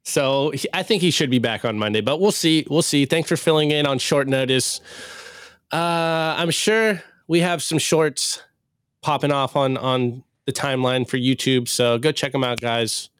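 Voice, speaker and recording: A man hosting a casual livestream podcast, loose and upbeat as he wraps the show. His voice is smooth and clear, recorded dry and close with no room around it. He talks at a middle pitch in an easygoing, chatty way. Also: normal speed, fairly bright tone, no room sound. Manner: upbeat, loose, hype sign-off. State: recovering from illness. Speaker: podcast host.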